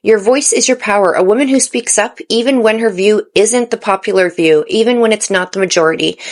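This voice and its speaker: Earnest, encouraging woman vlogger. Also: medium pitch. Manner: earnest and encouraging, with stumbles and restarts. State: tired late at night. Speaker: lifestyle vlogger. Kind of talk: motivational direct-to-camera talk.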